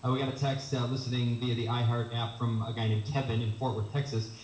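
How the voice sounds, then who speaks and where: A man's voice: mid-range voice, flat delivery, fast talker, darkish tone, echoey room, recorded from a distance, slight background noise, poor audio. A man co-hosting a morning radio show, chatty and friendly as he reads out listener texts. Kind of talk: casual morning radio banter. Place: radio studio.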